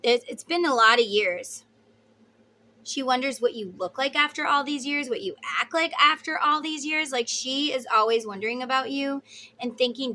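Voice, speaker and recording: A woman's voice: sits high, moderate pace, sharp tone, a little hiss or hum. A woman giving a casual tarot reading to her viewers, chatty and emphatic, sometimes blunt and swearing. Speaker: tarot reader.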